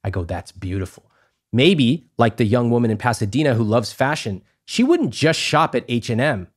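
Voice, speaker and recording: A man in a podcast interview, talking emphatically and acting out little exchanges, his voice climbing high when he stresses a point. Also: sing-song, brisk. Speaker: guest, personal finance author.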